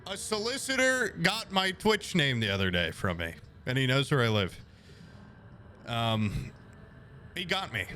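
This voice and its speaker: A man's voice: medium pitch, slight background noise. A young man streaming, telling a rambling, profane anecdote to his chat and acting out the people in it. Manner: animated, profane, rambling anecdote with quoted voices. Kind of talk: casual storytelling to chat.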